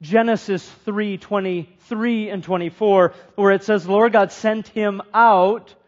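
High-voiced preacher, lo-fi sound. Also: male voice, fairly even intonation, unhurried. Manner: earnest, asks the congregation questions, repeats phrases for emphasis. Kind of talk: sermon. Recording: dull lo-fi sound.

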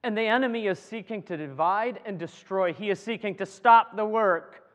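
A man preaching a sermon to a congregation in a lively, joking way, often repeating his words as he builds a point. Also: high voice, moderate pace. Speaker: pastor. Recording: long hall reverb.

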